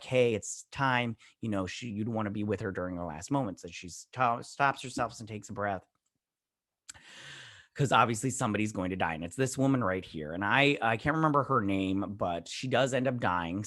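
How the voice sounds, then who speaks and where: A man's voice: lowish voice, a bit bright, no echo, studio quality. A man hosting a show, giving a casual, rambling episode recap full of fillers and restarts. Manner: rambling, filler-heavy retelling. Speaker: show host.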